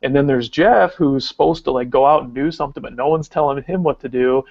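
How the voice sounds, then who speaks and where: A man in his thirties, co-hosting a podcast, telling a long story in a casual, excitable, rambling way with lots of "like.". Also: medium pitch, brisk, no room sound, muffled recording. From Arkansas. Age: 30s. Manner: rambling, excitable, heavy use of "like". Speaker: podcast co-host.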